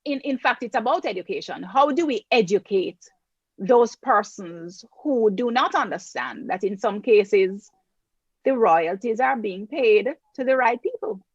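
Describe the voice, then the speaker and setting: A woman's voice: a little high, lively intonation, unhurried, slightly rough, no room sound, lo-fi sound. Emphatic woman moderating a panel. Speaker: panel moderator and university lecturer.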